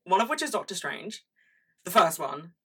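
A woman's voice: lowish voice, sing-song, moderate pace, husky, far from the mic. A woman in her twenties chatting about pop culture, dramatic and sweary, full of asides. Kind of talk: casual chat.

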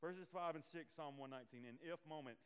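A man's voice: fairly high pitch, brisk, smooth, long reverb tail. A man preaching a sermon as pastor, earnest, with swelling and falling emphasis and repeated phrases.

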